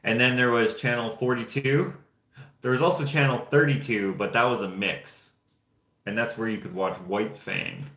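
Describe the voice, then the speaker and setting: A man's voice: medium pitch, moderate pace, a bit bright. A young man from Canada chatting casually and rambling offhand while painting figures. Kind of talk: casual chat. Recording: roomy echo.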